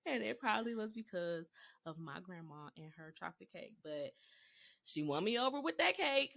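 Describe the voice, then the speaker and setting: A young woman from Texas, co-hosting a podcast and telling family stories in a casual, animated way, laughing often. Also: on the low side, moderate pace, vocal fry. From Texas, USA. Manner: animated, laughing, slips into voices for quotes. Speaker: podcast co-host. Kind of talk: casual storytelling chat.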